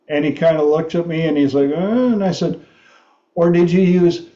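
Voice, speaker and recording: A man hosting a talk show, telling a story slowly and haltingly, laughing often. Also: a little high, dark tone, reverberant, dull audio. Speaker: host.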